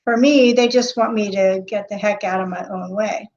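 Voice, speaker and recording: A woman hosting a live stream as a medium. She talks off the cuff with many pauses and fillers, and greets chat viewers by name. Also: mid-range voice, steady tone, darkish tone. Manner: hesitant, with frequent pauses and fillers. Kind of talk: unscripted live-stream talk. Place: indoor room. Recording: dull lo-fi webcam audio.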